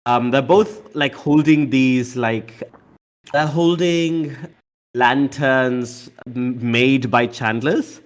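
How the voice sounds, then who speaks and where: A man's voice: mid-range voice, extremely slow. Hesitant male game master. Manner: hesitant, with many fillers. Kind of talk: narrating a tabletop game.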